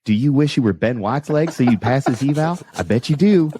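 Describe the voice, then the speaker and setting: A man voicing a goofy, grinning country guy with a high, drawling twang. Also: lively intonation, a little fast, warm tone, breathy edge, no echo. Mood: gloating.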